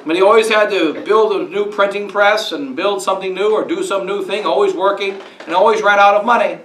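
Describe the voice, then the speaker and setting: A priest giving a sermon in a conversational preaching style, asking rhetorical questions. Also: male voice, high-pitched, brisk, a bit bright, a little hiss or hum. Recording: roomy echo, speaker far from mic.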